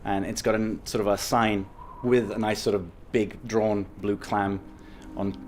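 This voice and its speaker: A man's voice: on the low side, level tone, a little slow, darkish tone, a little hiss or hum. A man as game master, narrating a tabletop game in a meandering way with many fillers.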